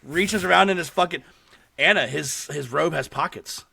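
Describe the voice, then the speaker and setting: A man hosting a podcast, telling a story in casual chat with animated delivery and lots of swearing. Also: on the high side, normal speed, gravelly, breathy edge. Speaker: podcast host. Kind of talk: casual chat recapping a horror short.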